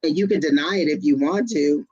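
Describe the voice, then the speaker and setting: A woman's voice: sits low, a little fast, warm tone, slightly rough, dry recording. Blunt female tarot co-host, muffled sound. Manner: blunt, matter-of-fact. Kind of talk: casual live-stream chat.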